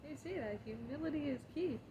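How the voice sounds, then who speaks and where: A woman giving a reflective casual monologue on her spiritual healing, chatty and quick to laugh at herself. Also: high voice. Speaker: spiritual vlogger. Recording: clear background insect noise.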